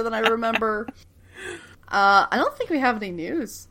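A woman co-hosting a casual podcast, excitable and quick to laugh, swearing casually as she chats. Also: fairly high pitch, over a noisy crowd. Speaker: podcast co-host.

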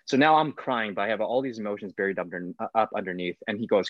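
A man's voice: fairly low pitch, fast talker, few pauses, no echo. A man, an actor, talking casually in an interview, rambling with many fillers. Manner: rambling, full of fillers like "like" and "whatnot". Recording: dull, lo-fi sound.

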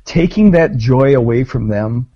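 A man's voice: mid-range voice, animated, measured pace, no room sound, dull audio. A man co-hosting a podcast in casual chat, gloating with profane, gleeful mock-jingoism. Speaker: podcast co-host.

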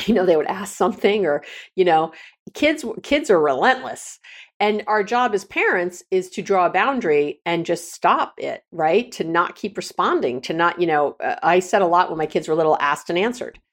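A woman's voice: fairly low pitch, expressive, moderate pace. A middle-aged woman hosting a podcast, giving frank, casual relationship advice with many restarts and repeated words. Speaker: podcast host and counselor.

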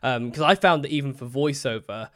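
A man's voice: mid-range voice, fairly quick. A man co-hosting a podcast in casual chat, rambling with many fillers and easy laughter. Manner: chatty, lots of fillers, laughs easily. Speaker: podcast co-host.

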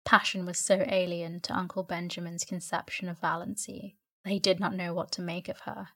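A woman narrating a classic novel as a bedtime sleep story, in an even storytelling manner. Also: fairly low pitch. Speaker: audiobook narrator.

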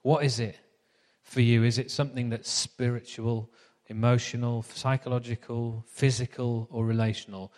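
A man's voice: mid-range voice, flat delivery, moderate pace, a little mellow, long reverb tail. A man preaching a sermon in a chatty, anecdotal storytelling manner.

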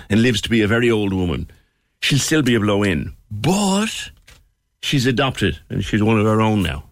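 A man's voice: mid-range voice, dry recording. A man with a Cork accent hosting a radio phone-in show, chatty and playful. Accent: Irish, Cork. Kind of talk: casual radio chat. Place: radio studio.

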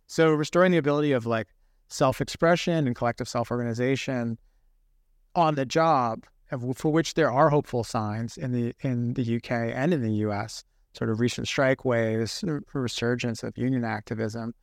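Gravelly-voiced man discussing politics. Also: medium pitch, steady tone, normal speed, no echo, studio quality. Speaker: guest author. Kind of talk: political interview.

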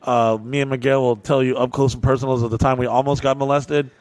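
A man from Kentucky hosting a podcast, telling a story in a profane, animated way, full of "like" fillers. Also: mid-range voice, quick pace, dry recording. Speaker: podcast host. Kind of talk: casual storytelling.

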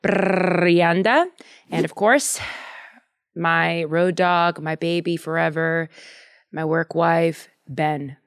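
A young woman hosting a podcast, chatting casually in a giggly, animated, joking way. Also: low-pitched, takes it slowly, dry recording, studio quality. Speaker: podcast host. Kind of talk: casual chat.

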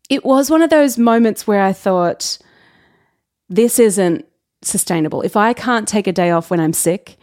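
Chatty woman hosting a business podcast. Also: mid-range voice. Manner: chatty and candid, with quick asides and self-corrections. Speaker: podcast host. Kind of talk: casual solo podcast talk.

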